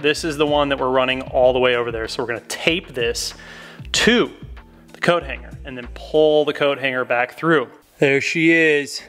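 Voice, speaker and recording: A man's voice: a little high, fairly bright tone. A man with a laid-back, chatty, enthusiastic manner, talking through a casual how-to car tutorial from inside a car. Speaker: car modification YouTuber. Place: inside a car while working on trim.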